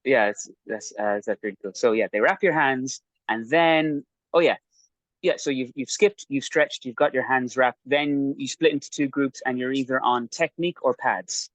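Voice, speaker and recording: A man's voice: medium pitch, moderate pace, no echo, low-quality recording. A man in casual podcast chat, telling a rambling, self-mocking story about his training. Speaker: podcast guest recounting training.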